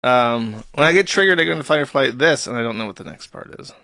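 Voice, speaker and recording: A man's voice: medium pitch, lively intonation, fast talker, vocal fry, pushed and bright, dry recording. A man hosting a live stream, reading posts aloud and mocking them in a sarcastic, profane, mock-serious tone. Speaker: streamer host.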